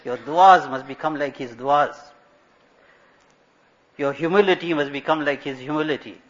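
A man's voice: fairly high pitch, moderate pace. A man giving a religious sermon as an Islamic scholar, telling stories and asking rhetorical questions. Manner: storytelling, rhetorical questions, Arabic religious terms. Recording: dull lo-fi recording.

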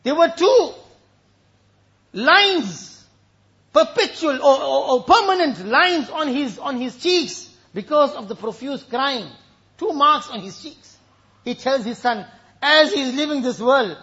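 A man's voice: extremely high pitch, animated, slow, pushed and bright, dull audio. A man preaching a sermon with emotion, telling stories and reciting Arabic verses.

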